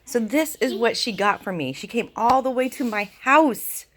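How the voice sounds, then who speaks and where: A woman and mother chatting casually and warmly gushing in a home vlog. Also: a little high, expressive, moderate pace, noisy background. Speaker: vlogger and mother.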